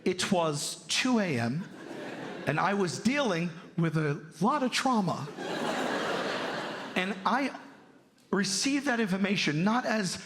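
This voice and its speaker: A male stand-up comedian telling a story on stage, animated and lively, with sudden jumps into loud character voices. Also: sits high, takes it slowly, pauses often. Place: large theater stage. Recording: reverberant hall, loud audience.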